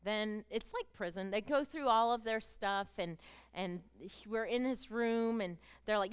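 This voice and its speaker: A middle-aged woman telling her story as a sermon to a group of women, moving from hushed storytelling to fervent, emotional exclamations. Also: mid-range voice, a little slow, clear, resonant tone. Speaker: speaker at a women's gathering. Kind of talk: testimony sermon.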